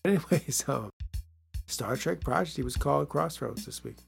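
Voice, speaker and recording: A man's voice: fairly high pitch, lively intonation, moderate pace, creaky, husky, soft background music. A man hosting a casual solo podcast, playful and rambling, repeating phrases and laughing at his own jokes. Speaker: podcast host.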